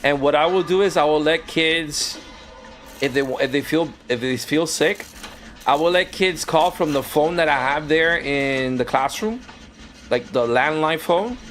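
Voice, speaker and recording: A man's voice: a little high, unhurried, faint music behind. A man who streams games and used to teach, casually telling stories from his classroom and acting out the voices of the people in them. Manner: animated, acts out quoted voices. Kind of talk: casual storytelling while gaming.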